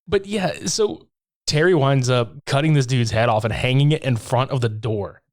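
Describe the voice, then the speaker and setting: A man's voice: mid-range voice, normal speed, a little mellow. Profane laughing man recapping a movie. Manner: profane, laughing, acts out lines from the film. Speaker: podcast co-host. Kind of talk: casual movie recap chat.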